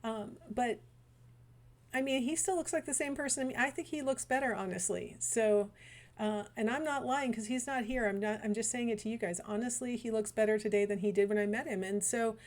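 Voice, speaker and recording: A woman's voice: on the high side, fairly quick. A middle-aged woman gives a recorded lecture. Her delivery is chatty and digressive, full of fillers and small personal asides.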